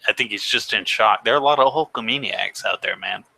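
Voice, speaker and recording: A man's voice: fairly low pitch, brisk, gravelly, sharp tone, low-quality recording. A man co-hosting a casual chat show, summarizing news in a matter-of-fact way. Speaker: co-host.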